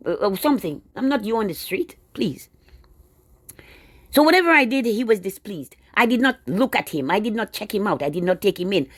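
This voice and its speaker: A woman's voice: medium pitch, dry recording. A woman delivering a casual, indignant monologue straight to her viewers, full of sarcastic asides. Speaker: video blogger.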